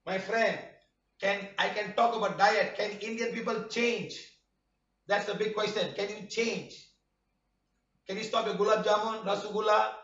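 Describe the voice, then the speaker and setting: A man's voice: sits high, steady tone, a little slow, fairly bright tone. A man teaching a healing workshop who scolds his students and fires off rhetorical questions, often prodding them with "huh?". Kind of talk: live online workshop talk. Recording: roomy, distant, dull-sounding mic.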